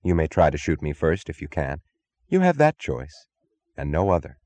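A man's voice: very deep voice, very animated, darkish tone, no room sound. A man voicing a cool, commanding woman. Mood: cold, commanding. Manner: level, firm and unhurried.

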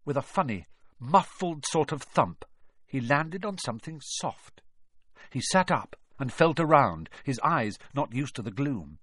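A man reading a children's storybook aloud, with expressive, dramatic narration. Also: mid-range voice, measured pace, no echo. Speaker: audiobook narrator.

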